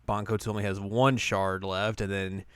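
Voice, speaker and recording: A man's voice: lowish voice, flat delivery, moderate pace, fairly bright tone, clean tone, no room sound, studio quality. A man co-hosting a casual anime recap, playfully telling the plot and acting out characters' lines. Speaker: co-host recapping an anime episode. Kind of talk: casual chat.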